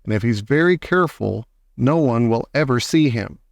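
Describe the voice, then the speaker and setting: A man's voice: mid-range voice, expressive, normal speed, creaky, no room sound, studio quality. A man reading aloud and voicing a clever young boy, turned into a mouse, speaking earnestly.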